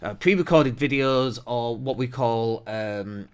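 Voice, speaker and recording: An energetic man hosting a marketing show, speaking emphatically to a camera on his desk. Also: medium pitch, slow pace, clear, resonant tone. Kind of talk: to-camera business talk.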